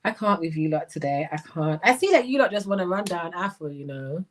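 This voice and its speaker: Animated woman a lilt. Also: lowish voice, brisk, hardly any pauses. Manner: animated, slips into patois, bursts of laughter. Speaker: life coach and commentator. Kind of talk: livestream commentary reading comments.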